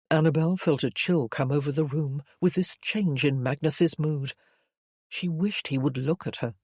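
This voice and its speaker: Lady reading a romance audiobook, calm and steady, dead dry booth sound. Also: low-pitched, moderate pace, no room sound. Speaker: audiobook narrator. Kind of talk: scripted romance narration.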